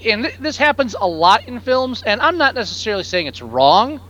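A man in casual podcast chat, rambling and halting with many restarts, now and then putting on mocking voices. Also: very high voice, very animated, fairly bright tone, muffled recording.

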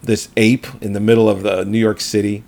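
A man's voice: lowish voice, flat delivery, fairly quick, gravelly, darkish tone, a little hiss or hum. A man co-hosting a podcast in casual movie chat, rambling through gory jokes and laughing at his own riffs. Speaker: podcast co-host.

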